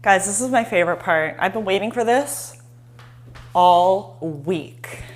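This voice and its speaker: Excitable woman hosting a live cooking demo. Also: mid-range voice, a little slow. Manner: chatty and excitable, talks straight to viewers. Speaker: cooking show host. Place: home kitchen.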